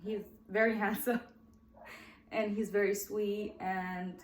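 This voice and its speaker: A woman's voice: mid-range voice, flat delivery, takes it slowly, echoey room, slight background noise. A woman in her twenties hosting her own podcast and telling her life story in a chatty, heartfelt way. She is emotional and close to tears at times. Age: 20s. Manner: chatty and heartfelt, often addresses "guys". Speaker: podcast host.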